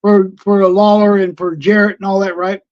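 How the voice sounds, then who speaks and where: A man's voice: high-pitched, normal speed. An older man, a veteran wrestler telling road stories in a casual interview, acting out old conversations. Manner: animated storyteller, acts out old conversations. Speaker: retired pro wrestler, guest. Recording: dull lo-fi stream audio.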